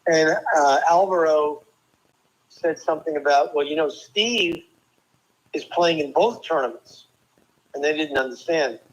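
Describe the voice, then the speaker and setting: An older man from New Jersey, a former tennis player and guest, telling lively stories with quick asides and restarts. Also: on the high side, poor audio. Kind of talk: casual storytelling interview.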